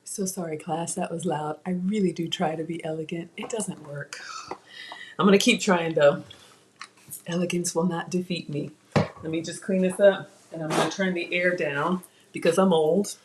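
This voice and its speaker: A woman's voice: on the low side, fairly even intonation, normal speed, background noise. Chatty woman cooking live. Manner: chatty, self-teasing, talks to viewers. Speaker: cooking show host. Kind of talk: live-streamed cooking class. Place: home kitchen.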